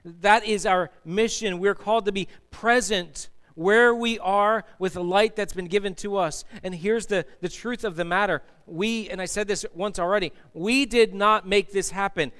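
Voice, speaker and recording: A man's high, somewhat bright voice with a clean tone moves at a moderate pace with few pauses. He preaches a sermon as pastor in a church sanctuary, emphatic and inviting the congregation to answer back.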